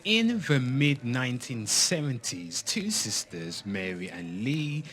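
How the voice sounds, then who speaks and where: A man with a fairly low voice reads confessions aloud with theatrical flair, his tone swinging widely from big declarations to near-whispers. He takes his time, sometimes breaking off for a jokey aside. Music plays clearly beneath him. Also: a bit bright. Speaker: host reading confessions. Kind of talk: dramatic confession reading. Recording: background music under the voice.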